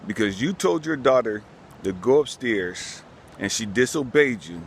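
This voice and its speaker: A man quoting God in his story, voicing him as solemn, slow and reproachful. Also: medium pitch, animated, creaky, a little hiss or hum. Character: God, stern yet patient, rebuking.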